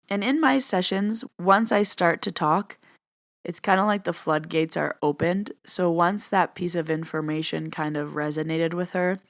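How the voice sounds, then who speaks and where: A woman's voice: on the low side, gravelly, no echo, studio quality. A young adult woman, a podcast host and medium, casually retelling a session and acting out both sides of the conversation in a chatty way. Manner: chatty, uses lots of "like". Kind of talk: casual storytelling monologue.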